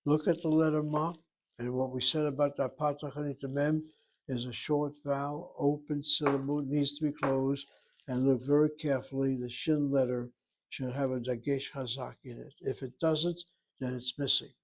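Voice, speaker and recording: Older male teacher, methodical lecturer, mid-pitched, breaks rules down step by step. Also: level tone, normal speed. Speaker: Hebrew teacher. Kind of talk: grammar lecture.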